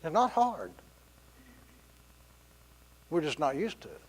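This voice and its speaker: A man's voice: on the high side, wildly swooping pitch, takes it slowly, slightly rough. A middle-aged man preaching a sermon in a church, telling stories with laughs and quoted voices. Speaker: pastor. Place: church sanctuary.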